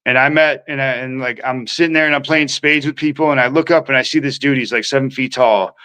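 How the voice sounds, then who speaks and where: Bright-voiced man telling his story. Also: medium pitch, fairly even intonation, fast, rough recording. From Minnesota. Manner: rambling, slangy, acts out quoted voices. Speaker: podcast guest. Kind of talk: casual storytelling.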